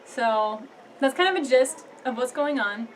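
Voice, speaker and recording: A young woman vlogging casually to camera, chatty and quick to laugh, with lots of fillers. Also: high-pitched, expressive, a loud crowd, rough recording. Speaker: vlogger studying abroad.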